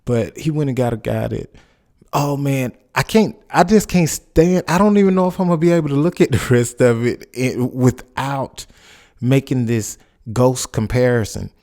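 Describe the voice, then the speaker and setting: A man's voice: medium pitch, normal speed, mellow. A man in his forties hosting a podcast, giving casual commentary and personal stories in a loose, rambling way with many restarts. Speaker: podcast host.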